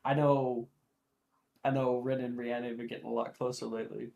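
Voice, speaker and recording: A man voicing Wilfred, an easygoing young male party guest who laughs and teases in a bright way. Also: medium pitch, flat delivery, a little fast, creaky, lo-fi sound, natural voice. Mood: amused.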